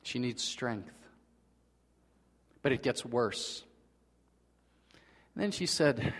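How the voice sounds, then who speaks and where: A man preaching a sermon in earnest, swinging between loud emphasis and hushed, quiet passages. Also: medium pitch, expressive, extremely slow, long pauses. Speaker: pastor. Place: church sanctuary. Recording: long reverb of a large hall.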